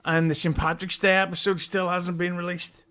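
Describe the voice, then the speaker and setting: A man's voice: high voice, flat delivery, normal speed, pushed and bright, clean tone. A man appearing as a podcast guest, giving blunt, profane, dismissive opinions. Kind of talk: casual podcast chat.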